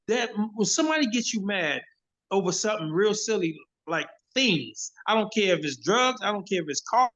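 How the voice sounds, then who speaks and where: A hip hop artist speaking as an interview guest over a phone video call, preachy and emphatic, often repeating himself. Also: male voice, high voice, a bit bright. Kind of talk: casual interview. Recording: dull lo-fi phone audio.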